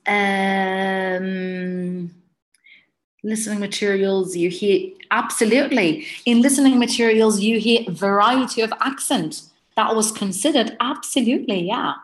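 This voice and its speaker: A woman's voice: mid-range voice, a little slow. British woman hosting an exam webinar. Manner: conversational, answers chat questions as they come in. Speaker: IELTS webinar presenter and teacher. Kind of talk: live webinar presentation with Q&A.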